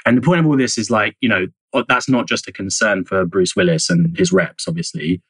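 A man's voice: low-pitched, fairly quick, fairly bright tone, breathy edge, dry recording, low-quality recording. A man speaking as a journalist guest in an interview, explaining at length with frequent fillers, hedges and restarts. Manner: hedging, many fillers and restarts. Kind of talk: conversational interview answers.

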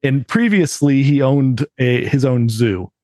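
A man of ordinary pitch talks loosely on a podcast, piling up fillers and restarting his sentences as he recaps something. The sound is close and dry. There is no room echo. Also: lively intonation, a little slow, a little mellow. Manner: rambling, heavy use of "like" and "uh". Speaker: podcast co-host. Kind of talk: casual chat.

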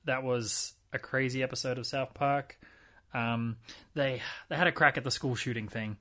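A man's voice: medium pitch, fairly even intonation, moderate pace, bright, forceful tone. A man co-hosting a podcast in casual chat, rambling and wry, with many fillers and restarts. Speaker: podcast co-host.

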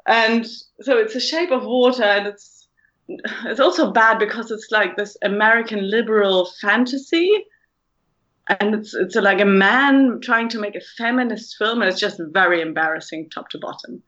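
A woman's voice: mid-range voice, normal speed, a bit bright, muffled recording. A woman from Germany with a German accent, giving blunt, opinionated views as a guest on a chatty podcast. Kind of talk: casual panel chat.

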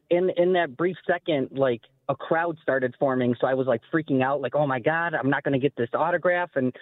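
A young man calling into a sports radio show, telling a long story in a rambling, animated way. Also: on the high side, dry recording. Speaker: caller. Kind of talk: call-in storytelling. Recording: dry tinny phone line.

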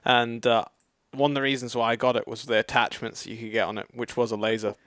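Co-host, smooth clear voice, dry close mic, laid back. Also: male voice, mid-range voice, little pitch movement, quick pace, a bit bright, no room sound. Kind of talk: casual chat.

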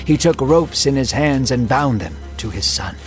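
A man narrating a dramatic Bible story in a measured, emotive way. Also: mid-range voice, lively intonation, soft background music.

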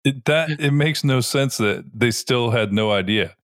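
A man's voice: medium pitch, unhurried, fairly bright tone. A man co-hosting a podcast who drops dry, wry one-liners into casual chat. His voice sounds close and dead, with no room echo at all. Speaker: podcast co-host.

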